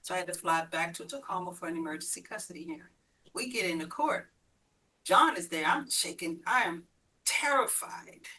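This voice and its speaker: Bright-voiced woman, heard from a distance. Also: lowish voice, expressive, normal speed, breathy edge. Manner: vivid, acts out the voices in her story. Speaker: guest sharing her survival story. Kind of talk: personal storytelling.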